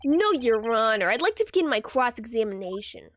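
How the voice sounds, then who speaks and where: A woman's voice: on the high side, sing-song, fairly quick, fairly bright tone, slight background noise. Woman reading a nervous young lawyer.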